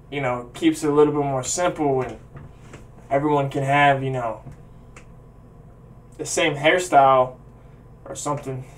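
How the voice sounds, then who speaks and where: Man, reaction host, casual rambling, unhurried, a bit far from the webcam mic. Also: fairly high pitch. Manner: hyped, rambling, talks over the song.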